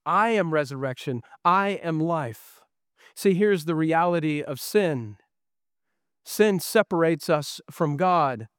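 A man's voice: on the high side, no echo, studio quality. A middle-aged man preaching a sermon as pastor, earnest and full of rhetorical questions.

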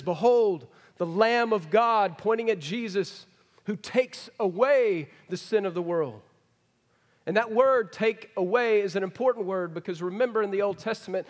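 A middle-aged man preaching a folksy sermon, swinging from emphatic to hushed. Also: on the high side. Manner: folksy, rising to emphatic then dropping to hushed. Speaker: pastor. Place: large church hall. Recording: long hall reverb. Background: congregation.

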